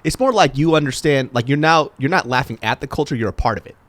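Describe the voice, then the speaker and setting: A man's voice: mid-range voice, fast talker, no echo. A man from Sacramento, a comedian guest in a casual podcast chat, laughing often and swearing freely. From Sacramento, California. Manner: laughs often, animated and profane.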